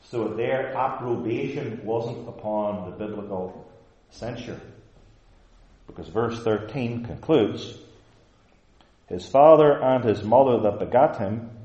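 Male preacher, dark mellow voice, emphatic delivery, booming church echo, dull recording. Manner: emphatic, swells to loud forceful outbursts. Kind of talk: sermon. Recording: dull, very echoey church hall.

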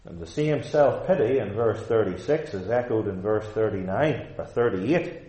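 A man's voice: fairly low pitch, animated, normal speed, mellow. A man preaching a sermon in a church, emphatic and fond of rhetorical questions. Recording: echoey room.

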